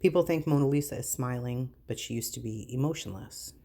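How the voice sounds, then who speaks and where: Incredulous woman vlogger, mellow voice. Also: extremely low pitch, fairly quick. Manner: incredulous, exasperated, animated reactions. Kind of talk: casual vlog, reading and reacting.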